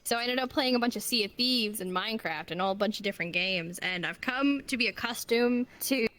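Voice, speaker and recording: A woman being interviewed as a guest on a casual streamed talk show, chatty and quick to laugh. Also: fairly high pitch, fairly bright tone.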